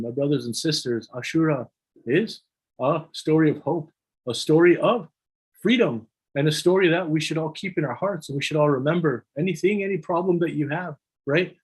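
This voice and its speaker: A man leading a religious gathering and giving an emotional sermon in a husky voice, climbing into high, impassioned pleading as he retells a story. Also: normal speed, low-quality recording. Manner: builds to high-pitched impassioned pleading, with many restarts.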